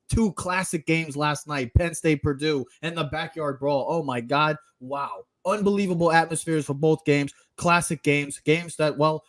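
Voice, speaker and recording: A man hosting a sports podcast, teasing his co-hosts and announcing the rundown with energetic hype. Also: a little high, no echo. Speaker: podcast host. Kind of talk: casual chat and show rundown.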